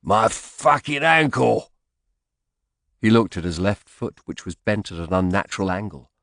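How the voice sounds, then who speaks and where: A man narrating an audiobook in first person with expressive, dramatic storytelling. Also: low voice, a little fast, no echo, clean studio sound.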